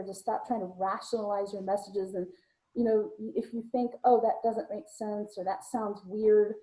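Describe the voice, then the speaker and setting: On a live video-call show, a psychic medium co-host chats casually and tells anecdotes, laughing readily. Her voice is medium-pitched and mellow, and the recording is rough.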